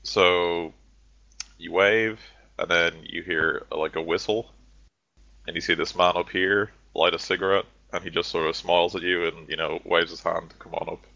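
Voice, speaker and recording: Man running a tabletop game, deep voice, bright forceful tone, casual fillers, dull lo-fi dry recording. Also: steady tone, moderate pace, vocal fry, no echo. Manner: casual, many fillers like "sort of" and "you know". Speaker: game master.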